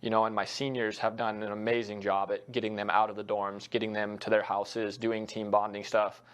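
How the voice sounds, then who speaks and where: A young male soccer coach answering interview questions in an earnest, reflective way. His voice sits low and stays fairly flat. He leans on frequent fillers as he works through his thoughts. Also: a little fast, smooth. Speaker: college soccer head coach.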